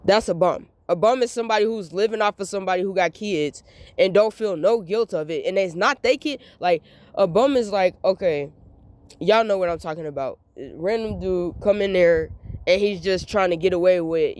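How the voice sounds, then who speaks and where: A woman's voice: on the low side, normal speed, a little mellow, no echo. A young adult woman talking straight to her viewers in a candid monologue, venting emphatically and repeating her points. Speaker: vlogger.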